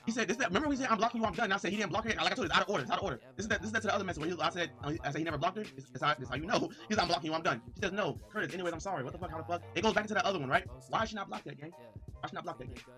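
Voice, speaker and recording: A man livestreaming, excitedly reading messages aloud and talking straight to his chat. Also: high-pitched, rapid-fire, faint music behind. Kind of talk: livestream commentary.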